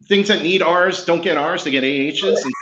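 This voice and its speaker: A man's voice: on the high side, moderate pace, fairly bright tone, highs cut off. A man in his fifties from northern New Jersey, with a mixed New Jersey and Boston accent, joking and chuckling as a guest in a casual chat.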